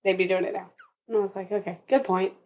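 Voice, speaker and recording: A woman's voice: mid-range voice, quick pace, muffled recording. Laughing young woman telling a birth story. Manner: animated, laughing often, acts out others' lines. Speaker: podcast guest. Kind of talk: casual storytelling.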